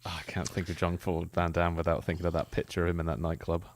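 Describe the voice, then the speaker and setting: A man's voice: deep voice, monotone, fast talker. A man with a Cornish accent co-hosting a casual discussion podcast, playful and jokey and fond of silly voices, over a remote call. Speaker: podcast co-host. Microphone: remote video call.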